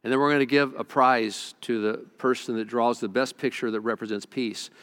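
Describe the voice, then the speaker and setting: A man's voice: mid-range voice, fairly even intonation, brisk, a bit bright. Earnest male pastor preaching a sermon. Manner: earnest storytelling with repeated stammered restarts.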